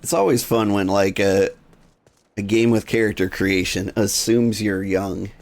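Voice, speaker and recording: Low, gravelly game streamer. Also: male voice, measured pace. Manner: relaxed, chatty, rambling. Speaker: streamer playing a video game. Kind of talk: casual stream chat.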